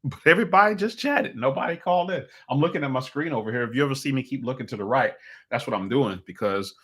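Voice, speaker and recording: A man hosting a live call-in stream with casual political commentary. He speaks in an animated, opinionated, rambling way into a desk microphone, with restarts and chuckles. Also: mid-range voice, fast talker, husky.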